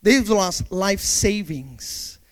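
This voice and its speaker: A man's voice: high voice, animated, drawn-out words. A man preaching a sermon and telling a personal story, speaking directly to his congregation with dramatic delivery and playful sound effects.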